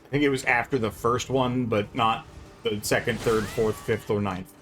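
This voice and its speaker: A man's voice: mid-range voice, fairly even intonation, moderate pace, a bit bright. A man watching a video game being played, giving wry, teasing commentary in a casual chat. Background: game music.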